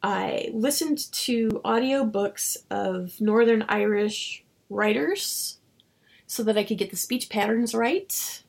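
A woman novelist being interviewed, telling stories in an animated way and acting out her own dialogue. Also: medium pitch, takes it slowly, gravelly. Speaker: novelist guest. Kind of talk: casual interview storytelling.

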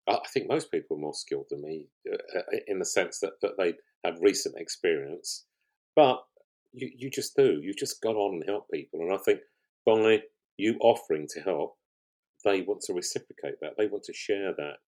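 An older man talks as a podcast guest, and his voice sits very low with a husky grain to it. He tells his stories in a loose, rambling way, often restarting his sentences. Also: moderate pace. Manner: rambling, warm storytelling with frequent restarts. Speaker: guest, pottery show finalist. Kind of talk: conversational podcast interview.

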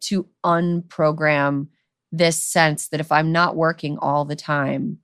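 A woman's voice: low-pitched, flat delivery, slow, fairly bright tone, clean tone, no room sound, studio quality. A woman co-hosting a podcast, talking in a loose, rambling way with lots of "like" and "you know". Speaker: podcast co-host. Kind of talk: casual conversational chat.

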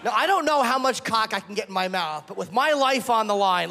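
High-voiced male comic in an echoey club. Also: animated, brisk, pushed and bright. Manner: crude, self-mocking, acts out voices in bits. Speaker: stand-up comedian. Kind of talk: stand-up comedy set. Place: comedy club stage before a laughing audience. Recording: echoey live room with audience noise.

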